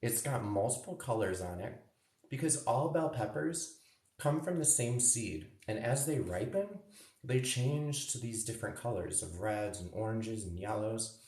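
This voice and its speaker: A man's voice: lowish voice, lively intonation, measured pace, a little mellow. A man teaching a live cooking demo for kids, cheerful and chatty, tasting food as he talks. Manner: cheerful, chatty, tastes food while talking. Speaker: cooking instructor. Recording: roomy echo, mic at a distance.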